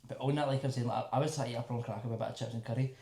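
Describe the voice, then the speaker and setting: Quick, mellow Scottish man. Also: mid-range voice, fairly even intonation, vocal fry, roomy sound. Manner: rapid, sweary, laid-back storytelling. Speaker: podcast co-host. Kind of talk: casual podcast chat.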